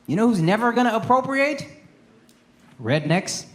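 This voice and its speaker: A man's voice: extremely high pitch, big pitch swings, normal speed, background noise. An American man in his thirties from Texas doing brash, profane stand-up comedy with crowd work, recorded live on stage.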